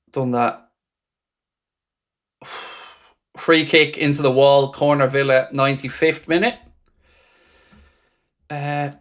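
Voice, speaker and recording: A man's voice: medium pitch, fairly bright tone. A man hosting a live football watchalong, reading out viewer messages and answering them with dry, sarcastic fan commentary. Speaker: watchalong host.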